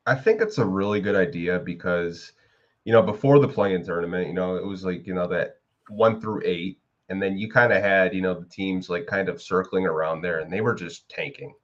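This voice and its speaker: A man with a very low voice talks in a loose, rambling way, packing his sentences with "like" and "you know". He sounds like a co-host on a casual sports podcast. The audio is a bit dull and lo-fi. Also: moderate pace.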